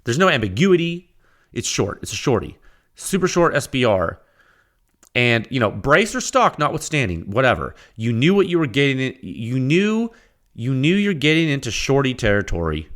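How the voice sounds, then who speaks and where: A man hosting a solo podcast, talking in a rambling, conversational way with repeated words and quick asides. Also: mid-range voice, sing-song, a bit bright. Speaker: podcast host.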